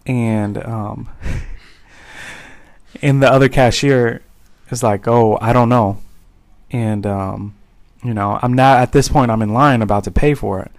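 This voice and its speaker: A man's voice: medium pitch, takes it slowly, gravelly, long pauses, no room sound. A man co-hosting a podcast who tells a casual anecdote in a laid-back, amused way. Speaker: podcast co-host.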